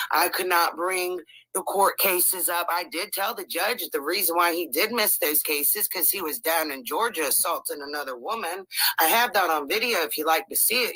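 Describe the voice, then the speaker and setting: A middle-aged woman telling a court story in an animated, emphatic way, swearing freely and acting out the people she quotes. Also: on the low side, no room sound, low-quality recording. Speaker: guest recounting a court case.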